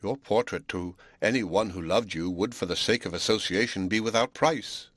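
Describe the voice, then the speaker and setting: A man's voice: on the low side, normal speed, a bit bright, no echo, clean studio sound. A man voicing a proud, spirited young Swiss woman teacher in an audiobook, speaking earnestly and defiantly.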